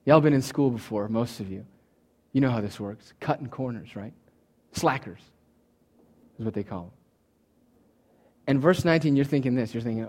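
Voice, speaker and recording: A man preaching a sermon as pastor, rising to loud emphatic peaks and dropping to soft low asides, sometimes acting out the listener's imagined thoughts. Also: lively intonation, measured pace, pauses often, breathy edge. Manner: acts out the listener's imagined thoughts in quoted voices.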